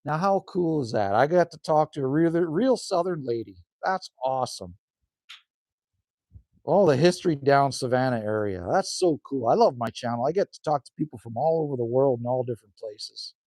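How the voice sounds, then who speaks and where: A man's voice: mid-range voice, animated, moderate pace, warm tone, dry recording, studio quality. A man chatting casually on a live stream outdoors, reading out viewer comments and answering them in a laid-back, rambling way. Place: outdoors by a cabin in the cold.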